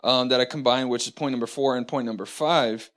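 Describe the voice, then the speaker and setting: A man leads a church lesson in a voice of ordinary pitch for a man. He speaks haltingly, stopping and restarting often, then slows into a careful, deliberate reading of scripture. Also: steady tone, fairly bright tone. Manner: halting, many fillers and restarts. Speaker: church teacher.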